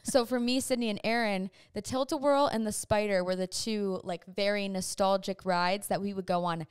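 A woman's voice: mid-range voice, fairly even intonation, moderate pace, clean tone, dry recording, clean studio sound. A young woman hosting a casual chat with her mom, chatty and often laughing. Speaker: host.

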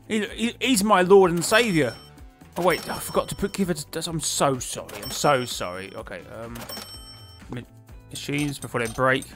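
A man giving casual, excitable commentary while he plays a management game, talking to himself and laughing often. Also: medium pitch. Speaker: gaming YouTuber.

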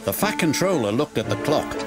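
A man narrating a children's storybook in an expressive, scripted style, with music behind. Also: a little high, brisk.

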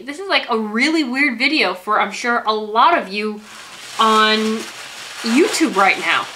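A young woman vlogging as she opens a gift, gushing with repeated excited exclamations. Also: on the high side, unhurried. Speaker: YouTuber opening a gift. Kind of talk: casual vlog unboxing.

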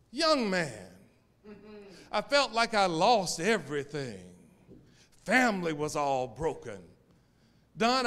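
A male pastor preaching a sermon, swinging between loud calls and hushed, drawn-out lines. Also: sits high. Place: church sanctuary. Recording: reverberant church sanctuary.

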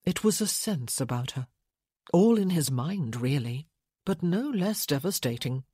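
A woman narrating a romance audiobook in a measured, intimate reading. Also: on the low side, a little mellow, breathy edge, dry recording, studio quality. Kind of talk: scripted narration.

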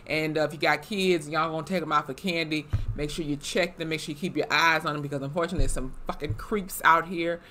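Young woman ranting thru a tv recap, bright sharp voice, swears a lot. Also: low voice, quick pace, hardly any pauses, slight background noise. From Wisconsin, USA. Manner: animated, swearing, lively asides. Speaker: YouTube TV reviewer. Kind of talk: casual episode recap.

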